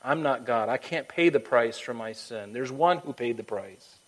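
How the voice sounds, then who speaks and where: In a rough recording, a man preaches and then leads a prayer as a pastor, with lively intonation and a moderate pace. His emphatic style moves from loud urging to quiet, hushed lines, and he occasionally breaks into a high falsetto to voice others.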